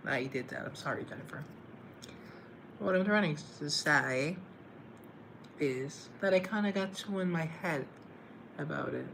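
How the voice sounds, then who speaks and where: A man's voice: a little high, measured pace, gravelly, fairly bright tone, slight background noise. A man chatting casually on a live stream, self-deprecating and playfully sarcastic.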